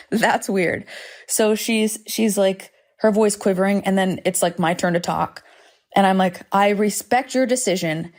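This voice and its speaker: A woman's voice: medium pitch, flat delivery, unhurried. A woman hosting a solo podcast from home, talking candidly and rambling with frequent swearing and self-deprecating asides. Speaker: podcast host. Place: home, indoors.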